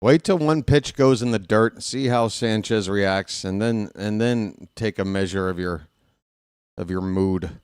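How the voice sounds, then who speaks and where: A man's voice: on the low side, measured pace, clean tone, dry recording, studio quality. Chatty American man calling baseball. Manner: chatty, talks to himself, excitable bursts. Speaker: play-by-play commentator. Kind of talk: casual live fan play-by-play.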